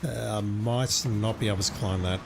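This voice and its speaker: A man streaming a video game, musing to himself in casual commentary, his voice slightly hoarse. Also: on the low side, normal speed, background noise. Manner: relaxed, musing to himself as he plays.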